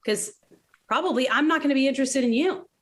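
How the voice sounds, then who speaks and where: Late-30s woman telling her story on a podcast, blunt, animated, slightly high voice. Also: quick pace. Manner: candid, animated storytelling, swears, laughs often. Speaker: podcast guest. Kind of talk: casual conversation.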